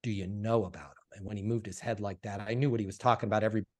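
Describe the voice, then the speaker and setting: A man, a sales coach being interviewed, telling stories in a casual, animated way and acting out the dialogue. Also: lowish voice, racing. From Colorado, USA.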